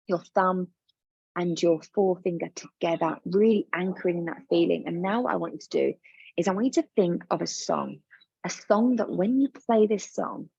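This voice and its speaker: A woman's voice: on the low side, gravelly, mellow, husky, dry recording, dull audio. A woman business coach leading listeners through a guided coaching exercise, soothing and encouraging, often repeating her instructions.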